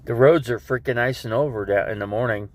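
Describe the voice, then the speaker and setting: A man's voice: medium pitch, fairly quick. A man with a stuffed-up nose, rambling casually to his viewers on a live stream about his day. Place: living in an RV.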